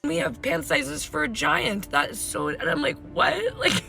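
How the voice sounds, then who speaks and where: A woman's voice: sits high, big pitch swings, moderate pace, creaky, sharp tone. A woman in a played clip, venting in an upset, rambling way. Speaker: influencer in clip. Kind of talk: emotional venting.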